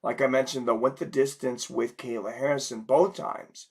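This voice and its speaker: Sick, gravelly-voiced man on a livestream. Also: medium pitch, fairly even intonation, moderate pace. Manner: rambling, filler-heavy. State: sick, losing his voice. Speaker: livestream host. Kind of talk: casual livestream chat reading viewer comments.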